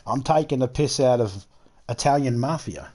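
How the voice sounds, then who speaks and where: An Australian man hosting a gaming livestream tells stories in a crude, joking way, swearing often, as casual chat. His voice is medium in pitch at a moderate pace, with a noisy background.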